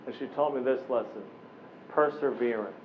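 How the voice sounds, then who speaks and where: A man in his forties giving a keynote address to a room, telling animated personal stories and briefly voicing the people he quotes. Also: mid-range voice, normal speed. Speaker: keynote speaker. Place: conference room with a live audience. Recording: tinny phone-like recording with faint noise.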